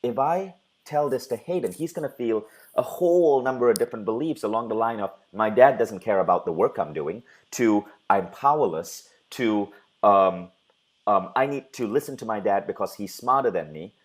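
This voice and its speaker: A man's voice: on the low side, animated, normal speed, poor audio. A middle-aged man hosting a talk, earnestly telling a personal parenting story and acting out bits of dialogue. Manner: earnest, retells scenes with quoted dialogue. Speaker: host. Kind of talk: conversational interview storytelling.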